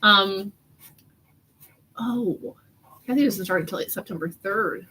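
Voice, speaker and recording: A woman's voice: medium pitch, slow pace, pushed and bright, slightly rough, poor audio. Chatty woman hosting a doodle livestream. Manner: chatty, teasing, reads out viewer comments. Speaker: host of a live doodling chat. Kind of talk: casual live-stream chat while drawing.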